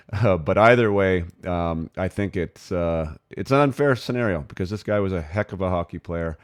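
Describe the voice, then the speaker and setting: A man's voice: deep voice, darkish tone, no echo, studio quality. A man hosting a casual podcast interview, talking informally with frequent restarts. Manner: rambling, informal, with many restarts. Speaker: podcast host.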